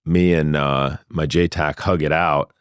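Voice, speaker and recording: A man telling his own story in a studio interview, animated and acting out the dialogue, laughing often. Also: very deep voice, measured pace, smooth, no echo. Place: sound studio. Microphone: studio microphone.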